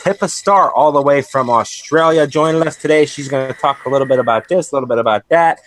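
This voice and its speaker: A man's voice: a little high, fast, hardly any pauses, slight background noise. A man hosting a podcast in casual chat, upbeat and easygoing with plenty of fillers. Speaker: podcast host.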